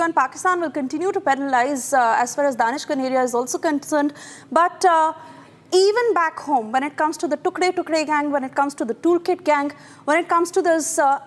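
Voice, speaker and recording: A woman anchoring live breaking news in a brisk, emphatic manner. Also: high-pitched, long reverb tail.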